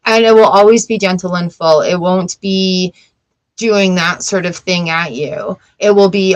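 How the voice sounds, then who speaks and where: A woman's voice: fairly low pitch, steady tone, measured pace, a bit bright, rough recording. Middle-aged lady doing a live tarot stream, chatty and reassuring, talks right to the viewers. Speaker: tarot reader. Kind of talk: live-stream card reading.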